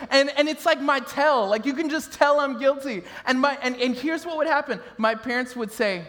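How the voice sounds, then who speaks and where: A man in his thirties preaches to his congregation in a notably high voice. He tells family stories with easy humor and often breaks into laughter. His words ring out through a large, reverberant hall. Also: brisk, hardly any pauses. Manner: animated storytelling, laughing with the crowd. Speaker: pastor. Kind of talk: sermon.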